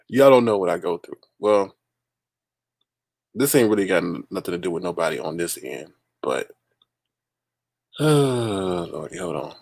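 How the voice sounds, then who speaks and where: Gravelly, animated man hosting a livestream. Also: deep voice, measured pace, pauses often, dry recording. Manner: exasperated, laughing, talks to chat as "y'all". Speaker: livestream host. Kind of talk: casual livestream chat.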